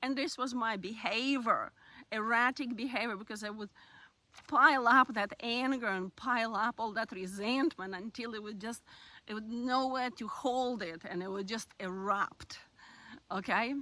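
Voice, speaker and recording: A woman talking through personal-growth advice in a candid, reflective way, laughing now and then and sometimes dropping to a soft near-whisper. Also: on the high side, moderate pace. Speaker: self-help speaker. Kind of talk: casual advice monologue.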